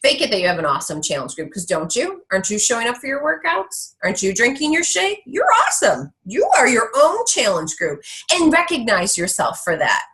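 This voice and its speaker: A woman giving a blunt, fast-moving motivational talk to a sales team on a call. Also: a little high, rough recording. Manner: blunt, animated, slangy. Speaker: guest speaker on a team call.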